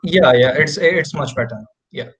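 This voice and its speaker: A man with a slightly raised pitch moderates an online talk over a video call. He is courteous and apologetic, and he punctuates the speaker with quick affirmations. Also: fairly bright tone. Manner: polite, apologetic, frequent affirmations. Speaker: webinar moderator.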